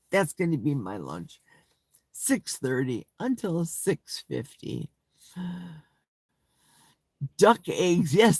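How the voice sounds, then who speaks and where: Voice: mid-range voice, no echo. An older host chatting playfully on a live stream, reading viewer comments aloud with gasps and sing-song asides. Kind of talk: casual live chat.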